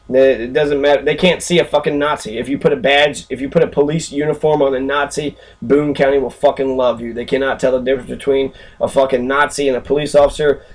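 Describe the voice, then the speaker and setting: This is an angry screen-recorded rant from a male channel host, who swears, rambles, fills his speech with fillers, and mocks sarcastically as he goes through the footage. His voice is medium in pitch and a little mellow.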